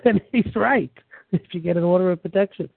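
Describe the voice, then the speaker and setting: A man's voice: high voice, a little fast, vocal fry, husky, no echo. A man hosting a talk show, chatting casually and emphatically, often chuckling and stumbling over repeated words. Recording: dry tinny phone-line sound.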